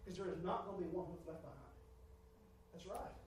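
A man preaching a sermon, swinging from quiet asides to shouted appeals and drawing amens from the congregation. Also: on the high side, fairly quick, distant mic, a little hiss or hum. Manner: call-and-response with the congregation. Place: church sanctuary. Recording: echoey church, voice picked up from afar.

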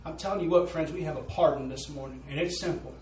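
A man's voice: fairly high pitch, fast, darkish tone, a little hiss or hum. A man preaching a sermon, telling a story in an earnest, folksy way. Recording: roomy echo, voice from a distance.

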